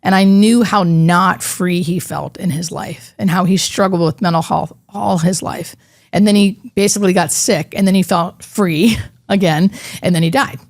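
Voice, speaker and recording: Soft-spoken woman, a hospice nurse recounting a story. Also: fairly low pitch, no echo, studio quality. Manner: emotional, halting storytelling with many fillers. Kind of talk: interview storytelling.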